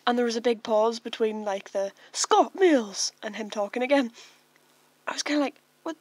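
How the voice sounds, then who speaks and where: A Northern Irish woman co-hosting a casual podcast, her voice a little high and recorded close and dry. She rambles along easily, filling her talk with "like". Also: normal speed, no echo. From Northern Ireland. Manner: relaxed, rambling, heavy use of "like". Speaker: podcast co-host. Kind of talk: casual chat.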